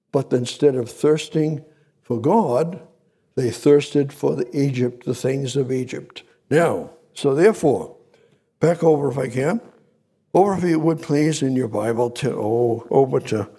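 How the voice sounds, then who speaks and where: A man preaching a sermon, repeating his points emphatically and rising sharply in pitch and volume to drive them home. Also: gravelly, husky. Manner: repetitive, emphatic preaching with sudden loud high rises.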